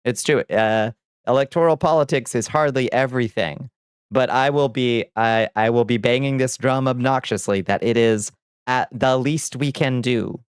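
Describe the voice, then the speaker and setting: A man's voice: mid-range voice, normal speed, smooth, no room sound. A man chatting on a casual livestream, reading chat aloud and answering in a chatty, sardonic way, on a close desk mic. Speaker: streamer.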